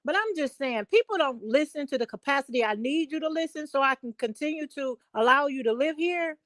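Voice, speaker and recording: A middle-aged woman on a call-in talk show, telling a story at length in an emphatic, animated way. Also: high-pitched, a little fast, no room sound. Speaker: guest. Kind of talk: casual chat.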